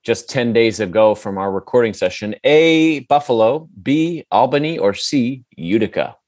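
A jovial man of middle pitch reads quiz questions and teases his co-hosts, lilting up through each answer choice. The sound is dry and close, with no room around him. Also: expressive, moderate pace, a little mellow, dry recording. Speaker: podcast co-host, quizmaster. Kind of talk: casual chat, reading quiz questions.

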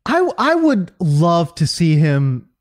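A man with a high, lively voice co-hosts a casual sports podcast. He rants in bursts, full of fillers and repeated words. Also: takes it slowly. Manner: animated ranting with many fillers and repeats. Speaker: fantasy football podcast co-host.

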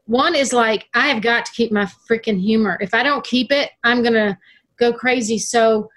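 A woman's voice: a little high, normal speed, a bit bright. Earnest, emphatic middle-aged woman. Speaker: guest. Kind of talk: casual conversation.

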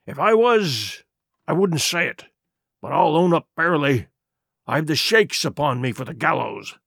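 A man voicing a wily old male pirate who pleads in rough sailor's dialect. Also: a little high, a bit bright, no room sound, clean studio sound, heavily acted. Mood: earnest.

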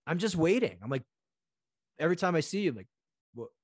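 A man's voice: fairly high pitch, fast, breathy edge, dry recording, clean studio sound. A man talking as a podcast guest, telling stories and acting out the voices of people in them. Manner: animated storyteller acting out quoted voices. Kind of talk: conversational interview.

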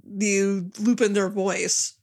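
A woman's voice: medium pitch, little pitch movement, takes it slowly, darkish tone. A woman co-hosting a casual movie commentary podcast, playful and laughing often. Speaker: podcast co-host.

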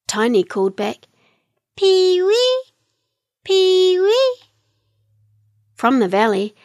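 A woman reading a children's storybook aloud, gentle, expressive and unhurried. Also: medium pitch, no room sound, clean studio sound. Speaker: narrator.

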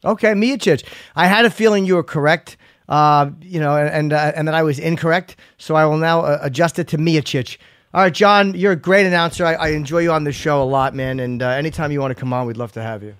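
A man's voice: fairly high pitch, fast, fairly bright tone, smooth, no echo. A man hosting a podcast in casual chat, loose and stumbling, swearing now and then. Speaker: podcast host.

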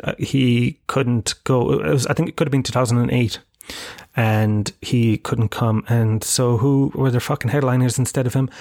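A man's voice: mid-range voice, a little mellow, no echo, studio quality. An Irish man in his thirties hosting a solo podcast, telling rambling, profane, self-mocking stories in casual chat. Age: 30s. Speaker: podcast host.

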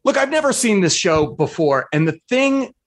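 Man, opinionated, blunt, animated pitch. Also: moderate pace. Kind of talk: casual chat.

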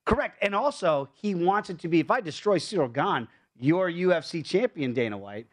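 A man talking as a fight analyst on a sports betting show, emphatic and quick to pile up points. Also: high-pitched, animated, no echo. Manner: fast, emphatic, jumps between points.

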